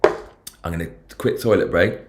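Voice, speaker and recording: Against a noisy background, a man with a low voice and London English accent talks a little slowly as he hosts a casual livestream. He rambles profanely and in slang over the news, reading out viewer comments.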